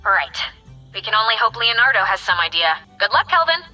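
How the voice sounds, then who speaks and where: A woman's voice: medium pitch, big pitch swings, brisk. An actress playing an upbeat female mission guide, informative, heard as a radio transmission. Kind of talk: video game voice acting. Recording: dull lo-fi radio sound with music.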